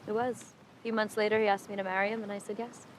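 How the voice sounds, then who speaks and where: A woman's voice: medium pitch, flat delivery, fast talker, noisy background, lightly acted. An actress playing a reserved young married woman in the 1960s, answering politely but guardedly in a film scene. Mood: wistful. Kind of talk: film dialogue. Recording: film clip with music behind. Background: film score.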